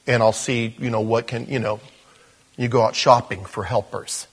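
Man, pastor, sermon, husky voice, mid-pitched, casual self-deprecating delivery. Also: steady tone, unhurried, pauses often. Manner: conversational, self-deprecating, addresses congregation as gang.

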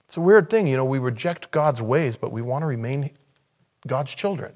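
A man preaching a sermon in a conversational way, with sudden loud, high-pitched bursts of emphasis. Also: expressive, moderate pace. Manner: conversational, thinking aloud. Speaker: pastor.

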